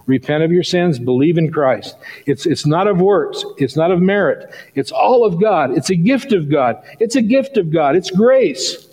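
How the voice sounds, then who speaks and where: A middle-aged male pastor preaching a sermon, telling a story and rising to excited peaks. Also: on the high side, rough recording.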